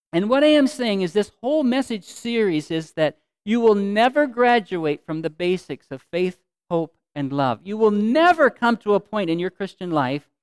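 Male pastor, sermon, smooth clear voice, dry close sound, earnest, repeats phrases, loud then soft. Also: high-pitched, no room sound.

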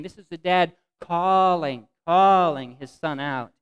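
Earnest male preacher, smooth dry voice. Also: a little high, takes it slowly, hardly any pauses, dry recording, poor audio. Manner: earnest, reads scripture aloud, voice swells and drops. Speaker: pastor. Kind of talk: sermon.

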